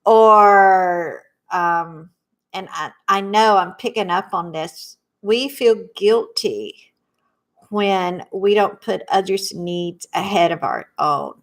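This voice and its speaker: A middle-aged woman with a Southern accent guides a tapping workshop in a slow, soothing cadence. She leaves room for listeners to echo her phrases. Her pitch sits in a middling range. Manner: slow, soothing, lets viewers repeat after her.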